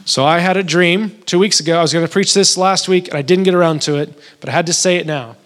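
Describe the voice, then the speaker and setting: A man's voice: fast, fairly bright tone. A married man preaching a sermon, telling a dream in a conversational way and rising into emotional, pleading emphasis. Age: adult, married. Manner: emotional, builds to pleading high-pitched emphasis; conversational storytelling with restarts. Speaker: pastor.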